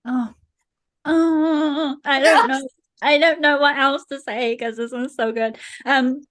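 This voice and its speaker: A woman's voice: sits high, fairly even intonation, takes it slowly, fairly bright tone. A woman hosting a podcast, bubbly, effusive and playful in casual chat. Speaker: podcast host.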